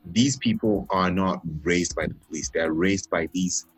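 A man talking as a guest on a casual podcast, giving his view in a slow, measured way. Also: low-pitched, husky, faint music behind, poor audio. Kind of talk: casual conversation.

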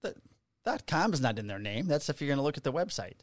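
A man's voice: on the high side, sing-song, fast, dry recording, studio quality. A man co-hosting a casual podcast, rambling through stories, jokes and a sponsor read. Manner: joking, rambling storyteller. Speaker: podcast co-host. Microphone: studio podcast mic.

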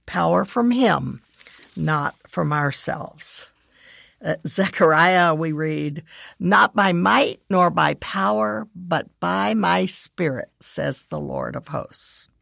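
A middle-aged woman giving earnest devotional teaching, reading scripture verses in measured lists. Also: lowish voice, vocal fry, fairly bright tone, dry recording, studio quality. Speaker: devotional speaker and parent.

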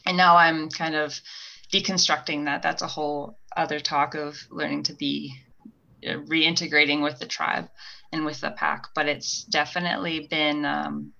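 A woman's voice: deep voice, little pitch movement, moderate pace, vocal fry, bright, forceful tone, highs cut off. A young woman talking reflectively on a podcast, meandering with many fillers. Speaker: guest. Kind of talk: casual podcast conversation.

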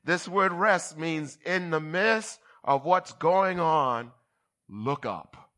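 Bright, high-voiced preaching bishop. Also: male voice, slow. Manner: teaching, often asks "are you with me?", builds to loud emphatic passages. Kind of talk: sermon.

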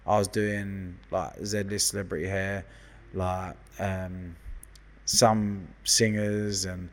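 A man's voice: deep voice, slow pace, in a large hall. A man in his thirties from London with a London accent, telling stories as a guest in casual, sweary chat. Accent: London English. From London, England. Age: 30s. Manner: sweary, lively storyteller. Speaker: guest hairdresser.

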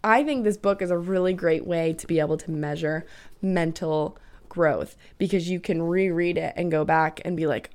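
A woman's voice: fairly low pitch, steady tone, a little fast, a little mellow. A young woman in her twenties hosting a casual solo podcast, chatty and peppering her talk with "like" and the odd swear word. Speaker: podcast host.

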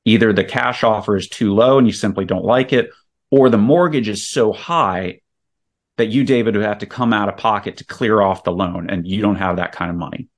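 A man's voice: fairly low pitch, moderate pace. A man guesting on a podcast, explaining sales tactics emphatically and walking through scenarios step by step. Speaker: real estate investor guest.

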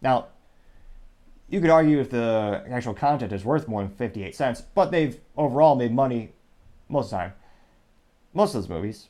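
A man's voice: medium pitch, animated, normal speed, pauses often, mellow. A man hosting a show, giving casual, sarcastic news commentary in a rambling way with asides and self-corrections. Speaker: podcast host.

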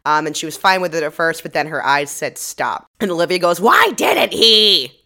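A woman with a somewhat low voice talks through a crime show recap in loose, casual chat. She laughs easily and slips into quick impressions of the characters. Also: fairly even intonation, fairly bright tone. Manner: laughs often, acts out quotes. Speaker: podcast co-host.

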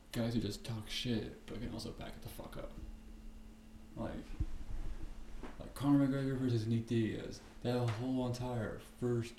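A man hosting a podcast, talking alone in a profane, rambling and animated way. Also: medium pitch, vocal fry. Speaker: podcast host. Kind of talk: casual solo podcast rant. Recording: echoey room with faint background noise.

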